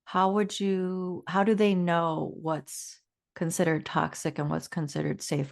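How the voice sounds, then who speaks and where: A woman hosting a podcast interview, her voice a little low. She asks curious, open questions and gives her guest room to answer. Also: creaky, darkish tone. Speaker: podcast host.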